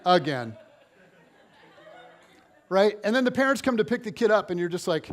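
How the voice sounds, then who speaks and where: A high-sitting male voice at normal speed, pausing often, with some chatter in the background. He's a pastor in his forties delivering a conversational sermon, sharing personal stories with chatty self-deprecation, playful humor and lively, animated telling.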